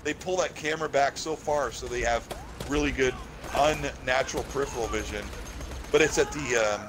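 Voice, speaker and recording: A man's voice: mid-range voice, normal speed. A male guest on a gaming talk show, chatting casually and explaining game tech with enthusiasm. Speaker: guest commentator. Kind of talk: casual chat. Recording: hissy stream audio.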